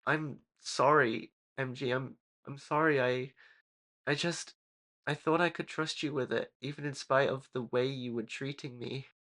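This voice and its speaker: A young man in his late teens telling a personal story in a video, hesitant and apologetic, with halting restarts. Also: medium pitch, steady tone, fairly bright tone. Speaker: YouTuber.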